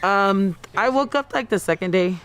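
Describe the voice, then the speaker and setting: Woman, 30s, news interviewee, halting, repeats herself, smooth clear voice. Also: medium pitch, animated, a bit bright. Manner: halting and repetitive, often acting out her own quoted words. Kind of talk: personal account in a news interview.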